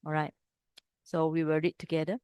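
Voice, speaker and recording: A woman's voice: deep voice, level tone, normal speed, darkish tone, smooth, dry recording, clean studio sound. A woman teaching a class on reading old scripture. She explains step by step and keeps checking with the students. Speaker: Pali teacher. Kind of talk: classroom text study lesson.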